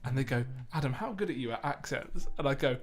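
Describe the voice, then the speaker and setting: A man's voice: medium pitch, expressive, quick pace. A young man co-hosting a casual podcast, chatty and self-deprecating, laughing often between stories. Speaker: co-host.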